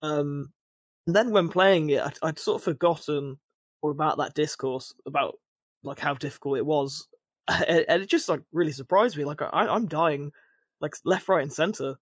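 A man's voice: fairly high pitch, moderate pace, no echo. A man co-hosting a podcast, chatting casually and rambling, with frequent restarts and filler words. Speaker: podcast co-host.

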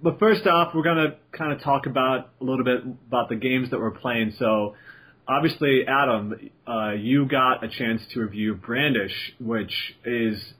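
A man's voice: medium pitch, measured pace, a bit bright, slightly rough, low-quality recording. A man hosting a casual podcast chat, with a dry, sarcastic humor and R's that come out like W's. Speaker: podcast host.

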